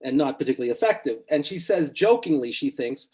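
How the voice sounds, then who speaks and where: A middle-aged man, a psychotherapist, relaxed and storytelling in a podcast interview, quietly acting out his clients' words. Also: medium pitch, fairly quick, husky, poor audio. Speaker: psychotherapist guest.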